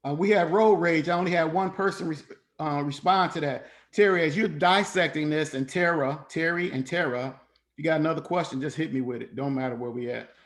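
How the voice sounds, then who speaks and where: A man leading a parenting class over an online call, talking informally, animated and profane, and slipping into other voices for quotes. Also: a little high, fairly quick. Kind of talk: informal coaching talk.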